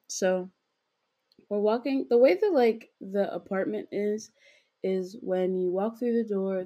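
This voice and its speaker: Young female podcast co-host, low warm voice, giggly and rambling, filler-heavy casual storytelling. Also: lo-fi sound.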